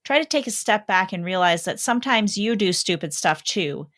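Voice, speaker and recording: A woman's voice: medium pitch, animated, normal speed, a bit bright. A woman co-hosting a podcast, chatting casually, reacting to a story and giving plain advice. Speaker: podcast co-host. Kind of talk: casual chat.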